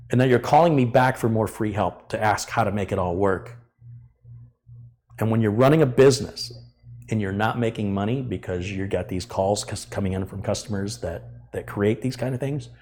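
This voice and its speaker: A middle-aged man with a somewhat low voice hosts a live tech stream. He talks bluntly and at length, venting about customers. He plays out both sides of their arguments as he goes. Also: darkish tone. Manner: blunt, ranting, acts out customer dialogues. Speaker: tech channel host.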